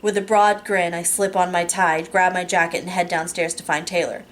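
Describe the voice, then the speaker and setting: Woman narrator, audiobook reading, lower voice, steady and unhurried, casual slips. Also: a little hiss or hum. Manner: steady, unhurried reading with small self-corrections. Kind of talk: first-person novel reading.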